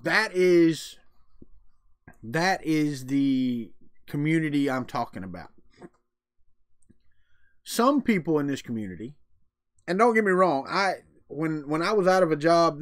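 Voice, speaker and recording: A middle-aged man with a drawl talks in a folksy, chatty way, reacting to his live chat between thoughts. His voice sits a little high for a man. The sound is dry and close, with no room echo. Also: lively intonation, moderate pace, pauses often. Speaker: livestream host. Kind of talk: casual live-stream chat.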